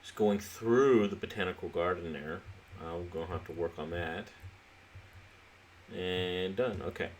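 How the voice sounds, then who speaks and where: A man with a very low voice gives relaxed, halting commentary while he plays a city-building game, thinking aloud as he goes. He sounds a little sleepy, and faint noise sits under the recording. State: sleepy, yawning. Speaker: let's play host. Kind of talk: casual gameplay commentary.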